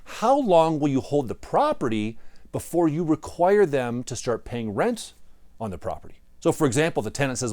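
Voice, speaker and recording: A man hosting a property management advice video, talking straight to the viewer in a lively, emphatic way. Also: mid-range voice, brisk, no room sound, clean studio sound. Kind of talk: direct-to-camera business advice.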